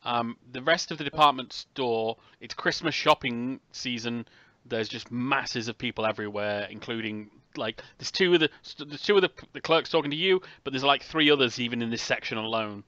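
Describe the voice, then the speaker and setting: A man narrating a tabletop game as its game master, halting and full of small restarts. His tone is bright and close. The recording is dry and a little dull. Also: medium pitch, no room sound. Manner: hesitant, many ums and restarts.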